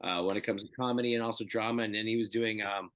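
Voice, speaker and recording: A man's voice: lowish voice, quick pace, dry recording. Man in his fifties telling stories. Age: 50s. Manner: animated storyteller who acts out dialogue. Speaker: guest actor. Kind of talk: casual interview chat.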